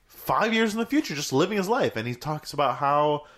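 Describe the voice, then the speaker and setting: A man co-hosting a podcast, chatting casually and excitedly retelling a film's scenes. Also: fairly high pitch, a little fast. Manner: animated, retelling scenes with acted quotes. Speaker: podcast co-host. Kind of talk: casual chat.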